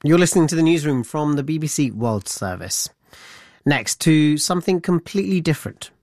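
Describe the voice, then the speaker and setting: A man presenting broadcast news in a measured way. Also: fairly high pitch, expressive, darkish tone, no room sound, clean studio sound.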